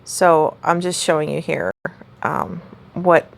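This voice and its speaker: A woman's voice: low voice, fairly even intonation, takes it slowly, vocal fry. A woman casually walking through a home cooking recipe, chatty and rambling with lots of fillers. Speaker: home cook showing a recipe.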